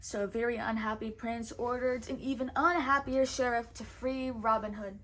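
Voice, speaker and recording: A woman reading a storybook aloud with expressive, measured narration. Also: on the high side, a little hiss or hum.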